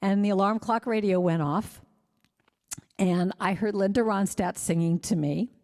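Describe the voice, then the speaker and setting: A woman giving an animated spiritual talk, telling stories and acting out the voices she quotes, speaking to an online congregation. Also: medium pitch, a little slow. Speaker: guest speaker and singer. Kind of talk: spiritual talk over video call. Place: congregation service streamed to viewers on gallery view. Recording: long hall reverb.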